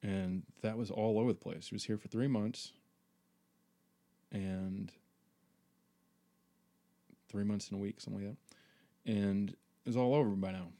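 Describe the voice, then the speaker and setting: A man's voice: fairly low pitch, steady tone, a little slow, long pauses, dark tone. A man hosting a podcast, telling a personal story in a rambling, profane monologue full of fillers. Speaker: podcast host.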